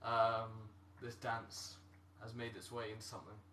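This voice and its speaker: A man's voice: lowish voice, completely flat delivery, measured pace, sharp tone. A Scottish man co-hosting a live stream quiz, chatty and laughing often. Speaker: quiz co-host. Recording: echoey room, distant mic, faint hum.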